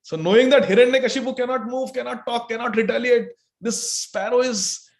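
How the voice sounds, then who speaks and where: A male preacher giving a sermon and telling a story in an animated way. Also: extremely high pitch, fairly quick, vocal fry.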